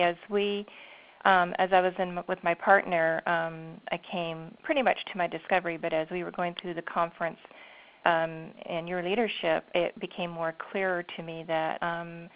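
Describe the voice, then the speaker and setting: A woman calling in to share a personal story, acting out the things she said to herself. Her voice sits a little low and comes through a dull, muffled line. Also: normal speed. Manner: animated, acts out her inner dialogue. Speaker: caller. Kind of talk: personal sharing on a call.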